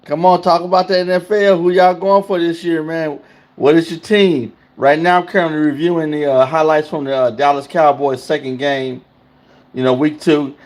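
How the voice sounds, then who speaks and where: A man's voice: fairly high pitch, steady tone, normal speed, a little mellow. A man hosting a casual livestream, talking loosely and in slang straight to his chat. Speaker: livestream host.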